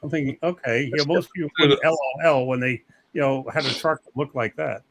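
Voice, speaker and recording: A man's voice: medium pitch, steady tone, fairly quick, fairly bright tone, low-quality recording. A man in casual chat, telling a friend's mishaps with dry, wry humor.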